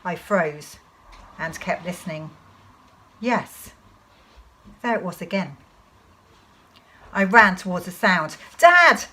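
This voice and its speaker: A woman teacher reading a children's novel aloud to her class in an expressive storytelling manner. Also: fairly low pitch, slow pace, long pauses, slightly rough, rough recording.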